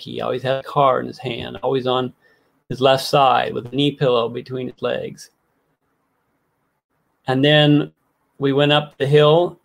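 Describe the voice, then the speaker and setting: A man's voice: mid-range voice, gravelly. A middle-aged man preaching a sermon, telling a personal story with heartfelt earnestness that builds into impassioned pleading.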